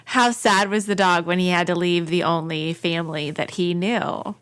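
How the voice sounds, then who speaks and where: A woman podcast guest in casual chat, asking sympathetic, measured questions. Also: fairly low pitch, fairly even intonation, fairly bright tone, clear, resonant tone.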